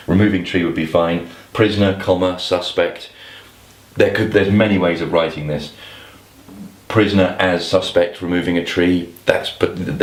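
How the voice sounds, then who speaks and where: Very deep-voiced man explaining clues. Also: roomy sound. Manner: thinks aloud, with restarts and asides. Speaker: crossword tutor. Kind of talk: explanatory lesson to camera.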